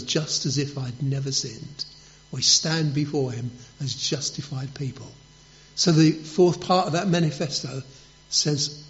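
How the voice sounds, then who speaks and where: A man preaching a sermon, telling stories and asking rhetorical questions with emphasis. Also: mid-range voice. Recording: dull lo-fi recording.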